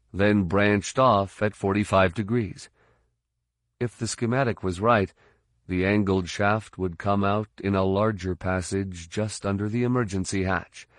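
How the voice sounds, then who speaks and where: Man, audiobook narrator, low voice, very slow and measured, dry close recording. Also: no echo. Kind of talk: scripted narration.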